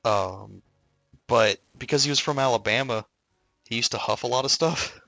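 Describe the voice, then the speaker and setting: A man chats casually on a stream, his voice gravelly and bright. He swears freely, laughs often and acts out quoted lines in a raised voice. The sound is dry, with no room echo. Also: mid-range voice, normal speed. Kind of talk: casual storytelling chat.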